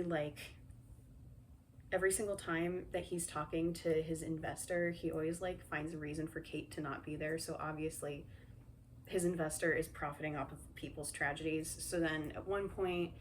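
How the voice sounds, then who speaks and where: A young woman recaps a movie in a loose, chatty way, sarcastic and full of fillers. Her voice sits a little low. A faint hiss runs under the recording. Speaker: movie reviewer.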